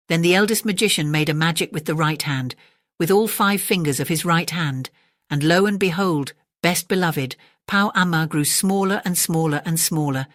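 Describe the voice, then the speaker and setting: A storyteller reading a classic bedtime story aloud in a calm, measured way. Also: medium pitch, no room sound, clean studio sound.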